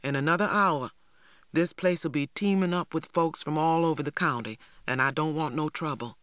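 A woman reading aloud voices a stern elderly grandmother, gruff and firm. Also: normal speed, fairly bright tone, no room sound, studio quality. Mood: scolding. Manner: gruff, scolding, low.

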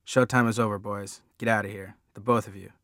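Man playing a menacing thug, low voice, curt and scornful, dry recording. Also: fairly even intonation, brisk, a bit bright, no room sound. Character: menacing tattooed middle-aged man, gruff and curt.

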